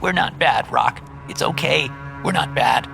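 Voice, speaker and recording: A man voicing a timid, simple-minded boy who speaks in a soft, halting, childlike way. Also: mid-range voice, creaky, faint music behind, voice pushed up, full character voice. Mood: pleading softly.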